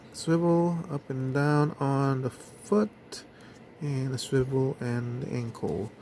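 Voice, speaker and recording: A man casually reviews action figures, speaking slowly and hesitantly with lots of fillers. His voice is mid-range and somewhat dark, with a little hiss or hum in the background.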